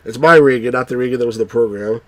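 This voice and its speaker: A man from New Jersey chatting wryly through a live game stream, now and then cheering out loud. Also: medium pitch, racing, dry recording. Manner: chatty, wry, bursts into excited cheers. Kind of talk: live let's-play commentary.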